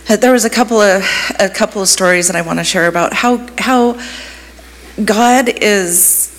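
A woman's voice: mid-range voice, normal speed. A woman youth ministry leader giving an emotional personal testimony in church, gushing and full of fillers. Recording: long hall reverb, faint room noise.

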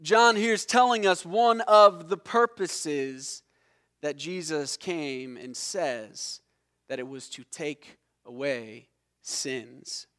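A man preaching a sermon in a fairly high voice, taking his time over each phrase. He explains the meaning of words with emphasis and lets key words fall low and quiet. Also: clear, resonant tone. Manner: explains word meanings slowly and deliberately. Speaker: pastor.

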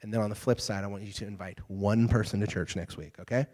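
Young pastor preaching in a reverberant hall. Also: male voice, fairly low pitch, fast. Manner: conversational, animated storytelling with frequent "okay?" check-ins. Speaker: youth pastor. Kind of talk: casual youth sermon.

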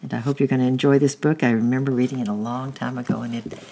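A reader narrating a chapter book aloud and signing off gently at the end. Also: medium pitch, fast, creaky. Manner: warm sign-off, steady storytelling.

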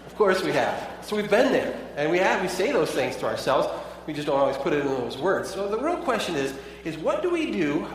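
A man's voice: on the high side, big pitch swings, fairly quick, few pauses, slight background noise. A pastor preaching a sermon in a conversational way, asking his listeners many rhetorical questions. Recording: echoey hall, voice from far off.

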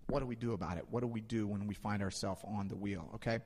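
A male pastor delivering a sermon, swinging between loud emphasis and hushed asides. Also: lowish voice, fairly even intonation, fast talker. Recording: long hall reverb.

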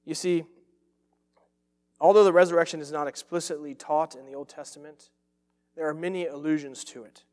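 Earnest and emphatic, a pastor preaches a sermon, driving points home through repeated phrases. His voice, a little high for a man with a darkish tone, keeps fairly even intonation at a moderate pace with long pauses. A long reverb tail suggests a large sanctuary.

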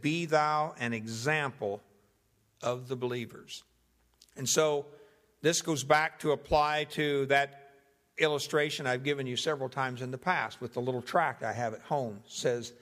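A young man preaching, teaching through a Bible passage in a measured, deliberate way and going through its translations one by one. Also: mid-range voice, a bit bright, long reverb tail. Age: young adult. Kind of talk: expository Bible sermon.

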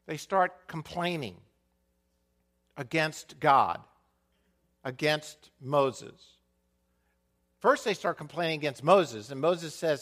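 A male pastor delivers a sermon with animated energy. His slightly high voice leaps around in pitch. He falls into a hushed mutter when he imitates people complaining. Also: slow, long pauses. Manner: animated preaching with dramatic dips to a quiet voice.

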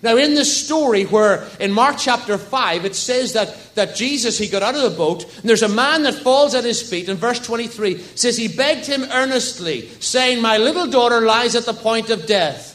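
A man's voice: extremely high pitch, animated, moderate pace, few pauses, fairly bright tone. A man preaching a sermon in a church service, telling stories and asking the congregation rhetorical questions. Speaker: pastor.

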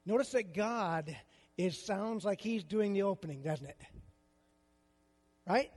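A man's voice: high voice, animated, measured pace, pauses often, darkish tone, slightly rough, in a large hall. An older man preaching a sermon as a pastor, with a conversational style full of rhetorical questions.

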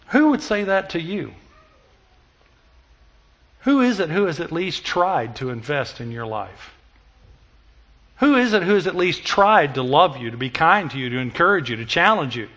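A middle-aged man preaching a sermon, telling stories and moving between loud emphatic passages and hushed, intimate ones. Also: on the high side, very animated, a little slow, long pauses. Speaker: pastor.

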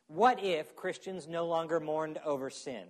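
A man's voice: fairly high pitch, measured pace. A man preaching a sermon in a conversational way, often checking in with his listeners. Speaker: pastor.

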